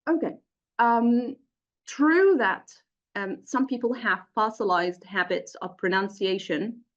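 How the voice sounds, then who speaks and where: A woman's voice: mid-range voice, slow pace. A middle-aged woman lecturing teachers in a webinar, explaining step by step with frequent "um" and "uh" fillers. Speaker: teacher trainer. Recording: dull lo-fi webinar audio.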